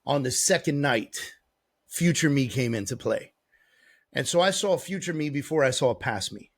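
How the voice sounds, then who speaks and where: Male podcast guest, gravelly voice, blunt cursing storyteller, talks like a coach. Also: medium pitch, animated, normal speed. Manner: blunt and profane, sarcastic. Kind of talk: casual storytelling.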